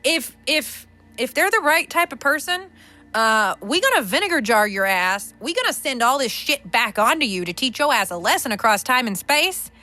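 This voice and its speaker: Blunt, profane, bright-voiced woman. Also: high-pitched, big pitch swings, normal speed. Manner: blunt and profane, trailing restarts. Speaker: podcast host. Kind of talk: unscripted spiritual rant. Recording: faint background music.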